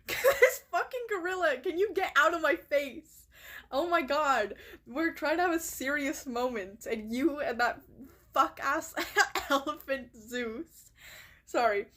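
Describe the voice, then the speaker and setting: A woman's voice: high-pitched, lively intonation, slow pace. Emotional young woman streamer reading a story. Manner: emotional, swears freely, laughs and reacts loudly. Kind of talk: reading an interactive story aloud on a live stream.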